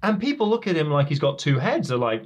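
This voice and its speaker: A man's voice: fairly high pitch, very animated, fast talker. A man, a podcast guest telling stories about family and identity in a reflective way. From England. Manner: fluent, reflective storytelling. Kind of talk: casual interview chat.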